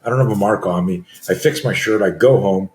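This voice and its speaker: A man's voice: fairly low pitch, fairly quick, a little mellow. A man in his sixties, a self-defense coach telling stories as a guest, acting out scenes with screams and gasps. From Canada. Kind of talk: storytelling in a conversation. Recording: roomy echo.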